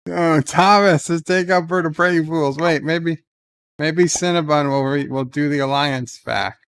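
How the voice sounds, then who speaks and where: A man's voice: fairly high pitch, unhurried, a bit bright. A man streaming a strategy game, reacting aloud with grumbles, curses and cheers. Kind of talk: live game commentary.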